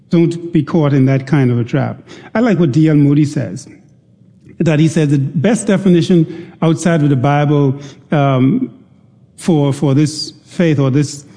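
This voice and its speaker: Male pastor, higher-pitched, mellow tone, folksy sermon, call-and-response, booming reverb. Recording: echoey hall with long reverb.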